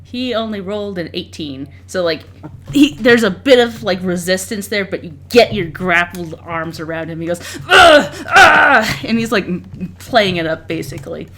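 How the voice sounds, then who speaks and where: A woman's voice: fairly low pitch, normal speed. A woman narrating as dungeon master, describing what the characters do. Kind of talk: narrating a tabletop game.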